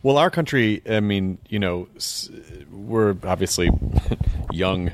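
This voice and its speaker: A man's voice: lowish voice, lively intonation, slow, noisy background. A man hosting a casual interview, hesitant and joking. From United States. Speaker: host.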